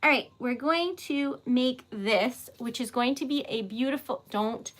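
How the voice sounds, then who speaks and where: A woman hosting a casual livestream while making wax seals, bubbly and excitable, giggling often and chatting with viewers. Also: fairly high pitch, a little slow, slight background noise. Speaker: livestream host.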